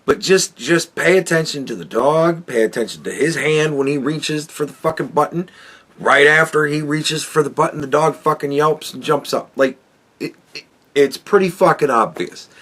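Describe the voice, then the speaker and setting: A man's voice: on the high side, moderate pace, a bit bright. A man hosting a podcast, ranting crudely and mockingly with heavy swearing as he reacts to a clip. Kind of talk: profane ranting commentary.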